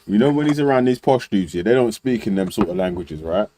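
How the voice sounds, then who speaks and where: A man's voice: lowish voice, animated, fast talker, dark tone, a little hiss or hum, poor audio. A young man hosting a casual panel debate, full of slang, laughing often and mimicking people. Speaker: debate show host.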